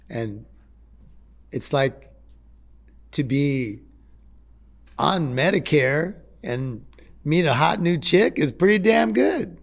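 A man in his sixties sharing a heartfelt personal story in a halting way, with repeated words and restarts. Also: a little high, animated, creaky. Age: 60s. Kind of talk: personal testimony talk.

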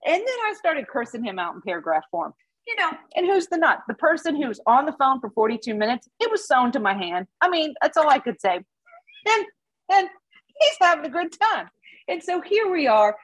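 A woman's voice: high-pitched, very animated, fairly quick, no echo, low-quality recording. A middle-aged woman sharing her personal recovery story with a support group, candid, laughing at her past. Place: Dallas.

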